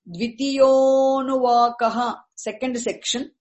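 A woman, teaching a class in a patient, repetitive way and saying terms slowly. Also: high voice, expressive, low-quality recording. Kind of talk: explaining Vedic chanting accents to a class.

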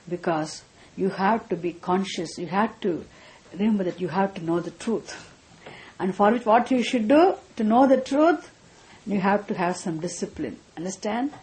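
Over poor audio, a woman with a medium-pitched, darkish voice gives a scripture lesson as a spiritual teacher. She patiently repeats key points and checks that her listeners understand.

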